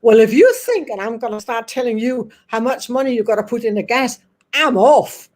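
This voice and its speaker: A woman's voice: on the high side, expressive, moderate pace, a little mellow. A woman voicing a grumpy, fed-up old male spirit with a Cockney manner, blunt and cheeky.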